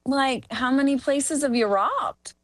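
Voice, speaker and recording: A woman's voice: high voice, a little slow, dry recording. A woman performing live improv comedy, chatty and full of fillers. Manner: chatty, many fillers and restarts.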